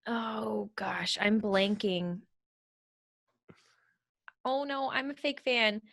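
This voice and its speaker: A woman's voice: medium pitch, drawn-out words, vocal fry, fairly bright tone. A woman guesting on a podcast in casual chat, giggly and playful.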